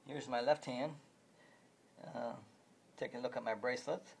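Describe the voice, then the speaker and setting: A man making a casual home video about video games, talking in a halting, repetitive way with many restarts. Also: mid-range voice, fairly even intonation, gravelly. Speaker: video game vlogger. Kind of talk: rambling home video chat.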